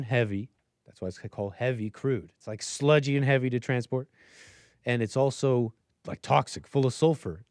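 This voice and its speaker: A man's voice: mid-range voice, a little mellow, no room sound, studio quality. A man hosting a livestream, talking through his opinions in a rambling, filler-heavy way. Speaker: livestream host. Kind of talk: casual livestream commentary.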